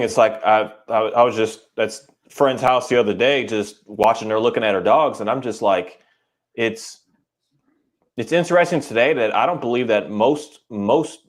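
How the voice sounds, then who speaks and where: A man in casual podcast conversation who talks earnestly and rambles, often acting out what owners and dogs would say in a higher voice.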